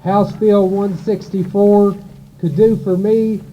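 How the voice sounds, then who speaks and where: A man's voice: high-pitched, flat delivery, highs cut off, slight background noise. Nervous man at a rally. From Kentucky. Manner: nervous, reads slowly and earnestly. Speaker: local resident speaking at a rally. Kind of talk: prepared rally speech.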